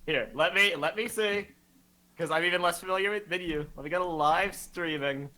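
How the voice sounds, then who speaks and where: A man's voice: high voice, normal speed, pushed and bright. A man hosting a casual livestream podcast, joking and teasing his co-host.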